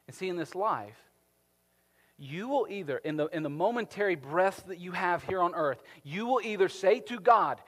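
Male pastor, fairly high voice, sermon delivery, long church-hall reverb. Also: normal speed. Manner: animated, rising to emphatic peaks then dropping soft.

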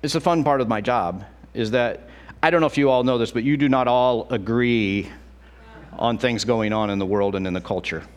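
In a mid-range voice at normal speed, a middle-aged pastor preaches conversationally and with energy, dramatizing quotes as he delivers them.

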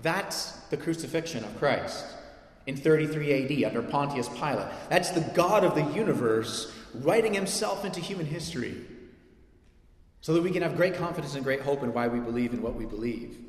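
A man's voice: a little high, expressive, fairly quick. Man preaching in an echoey hall. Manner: conversational, builds to emphatic peaks. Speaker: pastor. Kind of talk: sermon. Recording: echoey hall with long reverb.

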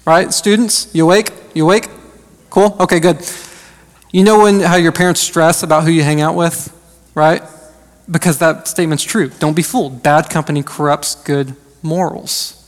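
A pastor in his thirties gives a sermon in a friendly, talky way, often pausing on "um" and "uh". His voice sits high for a man. The sound rings out with a long hall reverb. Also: fairly even intonation. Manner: conversational preaching with frequent fillers. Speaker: associate pastor.

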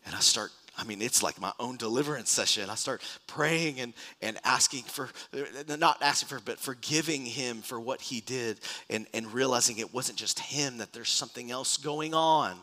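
Male pastor, bright and forceful, animated sermon storyteller who acts out scenes. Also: medium pitch, moderate pace, few pauses. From Texas. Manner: animated storytelling with dramatic re-enactments and restarts. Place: church in front of a congregation.

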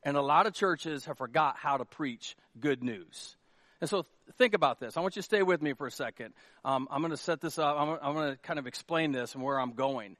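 A man's voice: a little high, brisk, a bit bright, no echo. A middle-aged man preaching a sermon in a church, joking and conversational, with emphatic rising peaks. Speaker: pastor. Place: church sanctuary.

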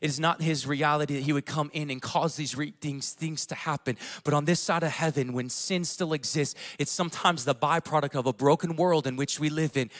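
A man in his thirties preaching a sermon as pastor, telling family stories in a casual way with fillers, dropping to a hush and then rising loud. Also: on the high side. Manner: casual storytelling with fillers, swinging between hushed and loud.

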